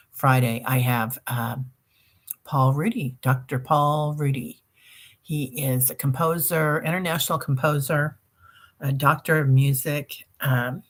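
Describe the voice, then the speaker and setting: A woman hosting a group meditation stream, chatting casually and reading out viewer comments, with many fillers and restarts. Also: rumbling low. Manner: chatty, warm-hearted, reads viewer comments aloud; rambling with many fillers and self-corrections. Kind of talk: casual livestream sign-off chat.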